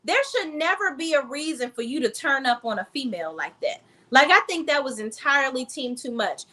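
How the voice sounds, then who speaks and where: Talking directly to her audience as "sis" and "y'all," this woman runs a casual reality TV commentary vlog that's blunt and full of profanity. Her high voice is animated, fairly quick, and has a pushed, bright quality.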